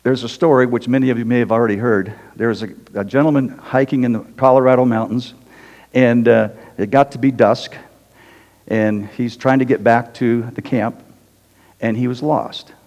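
A man's voice: mid-range voice, fairly even intonation, moderate pace, darkish tone, dull audio. Conversational preacher man in a reverberant hall. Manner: conversational, tags lines with "okay?". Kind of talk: sermon.

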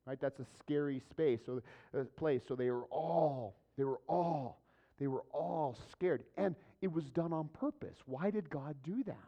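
A man's voice: on the high side, a little slow, dark tone. A man preaching a sermon as a pastor, talking conversationally and asking the congregation rhetorical questions. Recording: dull lo-fi recording.

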